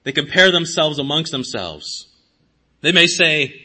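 A man preaching a sermon as pastor, swinging his pitch and volume for emphasis and acting out imagined speakers. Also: expressive, measured pace, sharp tone.

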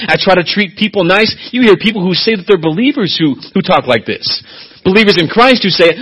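A pastor preaching a sermon, swinging from quiet, low asides to loud, emphatic, high-pitched appeals. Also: male voice, slightly rough, poor audio.

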